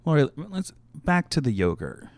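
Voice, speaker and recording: A man's voice: a little high, sing-song, moderate pace, a little mellow, no room sound. Dry-voiced man joking dramatically. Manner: dramatic, mock-wounded. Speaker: podcast co-host. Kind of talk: casual banter.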